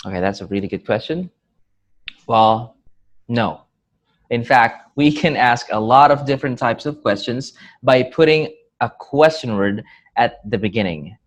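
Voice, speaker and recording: A man teaching an English grammar lesson, speaking clearly and patiently and acting out example questions with marked rising and falling intonation. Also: mid-range voice, unhurried.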